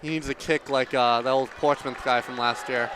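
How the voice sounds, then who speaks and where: A man giving casual, excitable live commentary on a track meet, bantering with his co-hosts. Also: mid-range voice, moderate pace, some chatter behind, slight background noise. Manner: chatty, excitable, banters and argues playfully.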